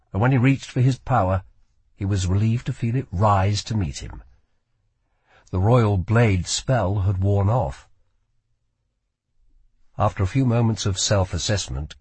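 A man narrating an audiobook in expressive storytelling style. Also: fairly low pitch, breathy edge, no echo.

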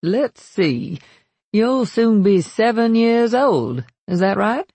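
Brief: woman narrator putting on a gruff male captain, slow, booming, a bit husky. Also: big pitch swings, dry recording, full character voice. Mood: kindly. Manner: loud and booming, curt orders. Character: gruff middle-aged male ship captain, commanding. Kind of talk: audiobook character voice.

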